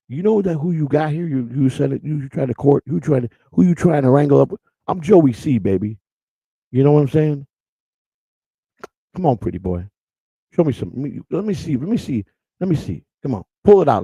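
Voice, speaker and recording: A man's voice: mid-range voice, creaky, warm tone, husky, no room sound, poor audio. A middle-aged man hosting a podcast, loosely joking and teasing people in his chat room by name in crude banter. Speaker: podcast host.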